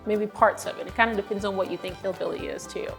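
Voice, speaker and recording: A woman from Arkansas with an Arkansas Southern accent, speaking in a thoughtful, measured way. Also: medium pitch, fairly even intonation, gravelly, music in the background. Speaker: interviewee.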